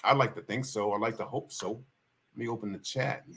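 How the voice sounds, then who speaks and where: A man's voice: fairly low pitch, steady tone, normal speed, fairly bright tone, slightly rough. A man hosting a livestream, telling stories in a folksy, rambling way and repeating his key points. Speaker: livestream host. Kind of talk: casual spoken storytelling.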